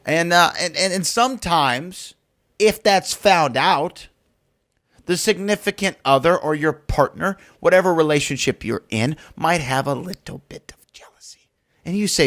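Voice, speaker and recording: A man hosting a podcast in casual chat, telling stories in an animated, teasing way. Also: a little high, moderate pace. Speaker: podcast host.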